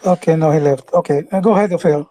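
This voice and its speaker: A host runs a live audio chat and puts a question to a caller. He stammers and repeats words, restarting his sentences. His voice is mellow and warm, recorded very dry. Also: medium pitch, quick pace, no echo, rough recording.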